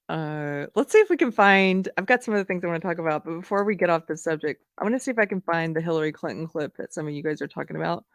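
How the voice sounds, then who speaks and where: A woman's voice: fairly low pitch, lively intonation, quick pace, no echo, clean studio sound. A woman hosting a live stream who chats casually, laughs often and reads chat comments aloud. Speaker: livestream host.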